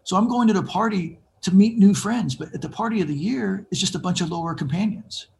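A man in his fifties telling his own life story in an interview, animated and acting out the voices of people he quotes. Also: sits high, brisk, gravelly. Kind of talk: conversational storytelling.

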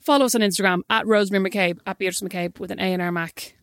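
A young woman co-hosting a podcast, chatting with her sister in a quick, opinionated and dryly witty way, then reading the show's sign-off. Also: medium pitch, fairly even intonation, no echo. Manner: quick, opinionated, dry wit. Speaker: podcast co-host. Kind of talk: casual chat, podcast sign-off.

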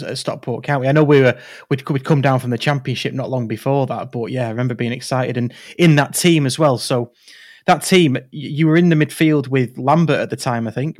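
A man's voice: mid-range voice, a little fast, dry recording, studio quality. A man in his forties hosting a chat podcast, reminiscing in a friendly way with hesitant restarts. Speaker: podcast host. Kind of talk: casual interview chat.

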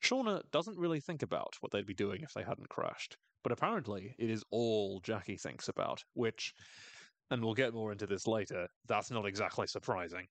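This podcast host's voice is on the low side, animated and fairly bright, at a normal speed on a dry recording. He recaps a TV episode in wry, casual chat, often laughing and doing characters' lines in funny voices.

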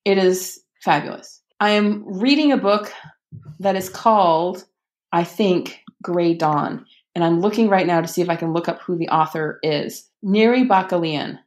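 A woman with a slightly low voice speaks as an interview guest. She talks in a loose, conversational way, restarting sentences and dropping in ums as her enthusiasm builds. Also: measured pace. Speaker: author and podcast guest.

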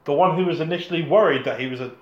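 A man's voice: fairly high pitch, rapid-fire, echoey room, dull audio. A man co-hosting a casual podcast, joking and swearing about a film. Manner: jokey, sweary, puts on fan voices. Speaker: podcast co-host. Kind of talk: casual film recap chat.

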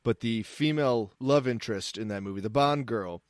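A man's voice: mid-range voice, moderate pace, no echo. Podcast co-host, male, crude and rambling, dry recording. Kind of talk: casual chat.

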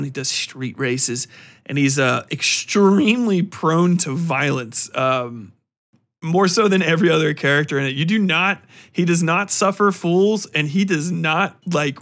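A man's voice: a little high, fairly bright tone. A man hosting a podcast, casually reviewing a book in a rambling, profane way, laughing often and acting out quotes. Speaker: podcast host.

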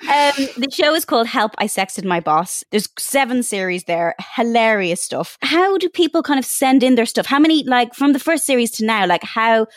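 An Irish woman interviews her guest in a warm, encouraging, chatty way. Her voice sits fairly high, and the recording is dry and close, with no room sound. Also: expressive, normal speed, few pauses, dry recording. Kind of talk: casual interview chat.

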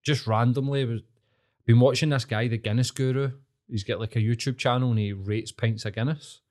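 A man's voice: medium pitch, a little fast. Sweary Glasgow man ranting on a podcast. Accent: Scottish, Glasgow. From Scotland. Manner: animated, swears constantly, rants. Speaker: podcast co-host. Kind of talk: casual sweary podcast chat.

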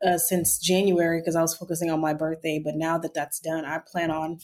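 A woman raised in Texas, a travel vlogger chatting as an interview guest and telling lively stories with frequent laughter. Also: deep voice, a little fast. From born in Nigeria, raised in Texas. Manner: animated storyteller, laughs often. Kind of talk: casual interview chat.

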